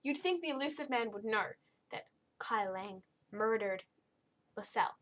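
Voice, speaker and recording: A woman's voice: mid-range voice, animated, normal speed, fairly bright tone. A young woman giving a casual, blunt and exasperated spoken book review, rambling with frequent restarts.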